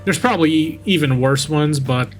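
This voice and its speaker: With a fairly high voice and moderate pace, a young man reading a corny horror story as a VTuber keeps interrupting himself to ridicule it, cursing freely and picking at the grammar. Soft music plays under a low-quality recording of his sarcastic commentary.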